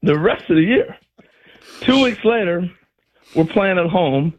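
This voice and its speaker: Animated husky man telling stories. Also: high-pitched, a little slow. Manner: animated, acts out quotes with laughs. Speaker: former baseball player, guest. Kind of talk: storytelling on a talk show. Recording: dull lo-fi sound.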